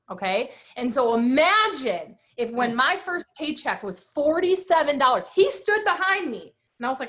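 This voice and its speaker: This woman, in her thirties, shares her personal story as a guest speaker, full of emphatic energy and acted-out quotes. Her voice is high-pitched and she talks at normal speed, staying animated throughout.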